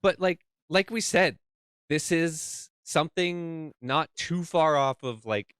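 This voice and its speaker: Man, podcast co-host, smooth clear voice, animated, dry recording. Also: on the high side, slow, no echo. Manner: animated, acts out crowd reactions. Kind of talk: casual podcast chat.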